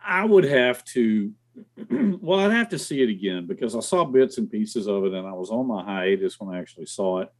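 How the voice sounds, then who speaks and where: Animated man guest telling stories. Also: on the low side, moderate pace. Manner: animated, jumps in, mimics voices in anecdotes. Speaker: podcast guest. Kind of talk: casual chat, storytelling.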